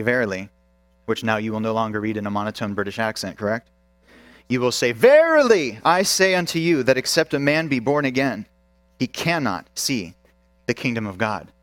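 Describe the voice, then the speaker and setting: A man's voice: mid-range voice, a bit bright, dry recording. A male pastor preaching a sermon with emphasis, asking the congregation questions.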